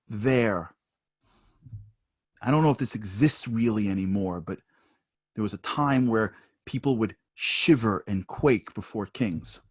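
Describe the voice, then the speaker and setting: A man giving a spoken lesson at an online seminar, telling personal stories and growing higher and louder as he gets animated. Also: slightly rough, no room sound, clean studio sound. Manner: storytelling, rising higher and louder when animated.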